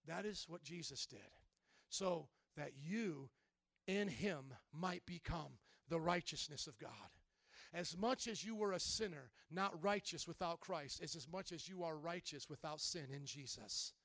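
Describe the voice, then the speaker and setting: A man's voice: a little high, measured pace, gravelly, fairly bright tone, dry recording, clean studio sound. A man preaching a sermon as pastor, impassioned, often asking the congregation questions.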